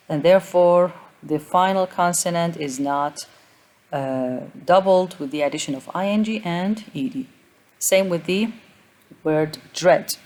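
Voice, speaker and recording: Low-voiced woman lecturing on grammar. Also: a little mellow. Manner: methodical, repeats example words aloud, frequent uh fillers. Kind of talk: recorded lecture explaining spelling rules.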